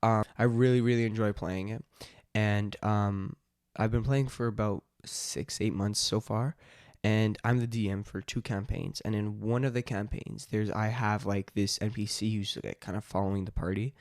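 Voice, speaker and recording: A man with a low, gravelly voice rambles through a casual vlog, restarting his thoughts and leaning on fillers. The recording is dry and close, with little room sound. He talks as a dungeon master would about his game. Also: fairly even intonation, moderate pace, a little mellow, no echo.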